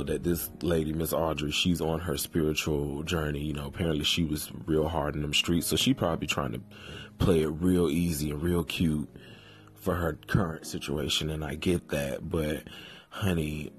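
A man hosting a podcast, delivering a sassy, drawn-out casual commentary full of cursing. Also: very deep voice, steady tone, faint music behind. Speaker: podcast host.

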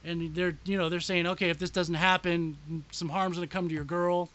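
A man excitedly talking about his favorite movie scene, swearing and restarting often. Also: sits high, lo-fi sound. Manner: enthusiastic, profane, halting. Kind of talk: casual movie chat.

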